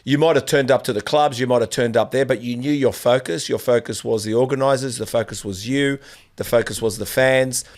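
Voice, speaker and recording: A male podcast host, voice in a middle pitch. He talks in long, rambling turns, restarting sentences and pushing his own opinions. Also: a little fast, a little mellow. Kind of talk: casual conversational interview.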